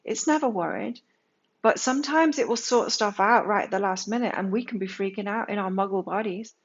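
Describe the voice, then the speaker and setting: A woman's voice: mid-range voice, brisk, dull audio. A woman giving a casual tarot reading to her viewers, speaking candidly and swearing now and then. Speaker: tarot reader.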